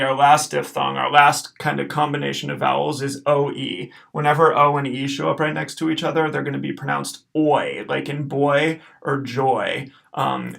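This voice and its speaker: Man, Latin teacher, recorded lesson, gravelly voice, middle pitch, slow careful repetition. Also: a bit bright. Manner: patient, repeats each word slowly and clearly.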